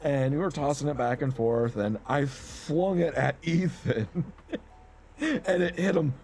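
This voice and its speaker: A man's voice: fairly high pitch, a little slow, a little mellow, a little hiss or hum. A man co-hosting a podcast, telling stories in a rambling, casual way and laughing often. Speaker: podcast co-host. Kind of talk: casual chat.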